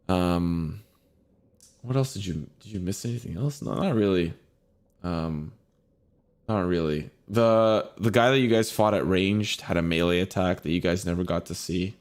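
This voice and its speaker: Low-voiced man, easygoing game master. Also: moderate pace. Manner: relaxed, laughing, swears freely. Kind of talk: casual post-game chat.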